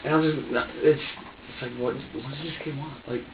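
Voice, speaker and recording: A man's voice: on the high side, steady tone, moderate pace, far from the mic, slight background noise. A man under police interrogation, recounting events to detectives in a rambling way, repeating himself and acting out his own words. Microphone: far room camera. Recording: echoey, dull room recording from afar.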